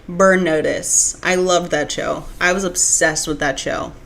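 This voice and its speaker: Her voice sits on the low side, a bit bright, with vocal fry and fairly even intonation, and she speaks a little slowly. This young woman chats casually on a live stream, reading out chat comments while rambling with frequent restarts and plenty of "like"s and filler words.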